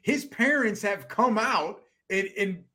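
Man, sports podcast host, lively swinging pitch, fairly high voice, exclaims a lot. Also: takes it slowly. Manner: animated, laughs often, exclaims in disbelief. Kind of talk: casual sports chat.

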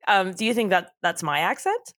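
A woman's voice: mid-range voice, animated, normal speed, fairly bright tone. A woman co-hosting a casual podcast, giggling often as she retells scenes from a TV show. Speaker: podcast co-host. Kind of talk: casual chat recapping a TV show.

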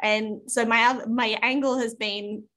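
An Australian woman in her thirties chats on a podcast in a fairly high voice. She tells stories with animation and jumps into her children's whiny voices as she goes. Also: steady tone, normal speed, sharp tone. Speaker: podcast co-host. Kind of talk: casual chat.

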